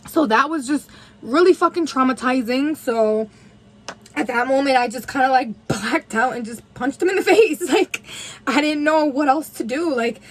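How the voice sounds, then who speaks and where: A woman's voice: high-pitched, moderate pace, rough recording. A woman in her twenties from New Haven, telling a candid, profanity-filled story time while doing her makeup. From New Haven, USA. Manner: candid, heavy swearing, lots of "like". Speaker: vlogger.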